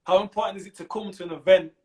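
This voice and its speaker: A Mancunian man hosts a relaxed interview chat. His voice sits high and he talks quickly. He mostly murmurs agreement and puts short questions to his guest. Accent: Manchester. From Manchester. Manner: short back-channel agreement, brief questions. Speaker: host.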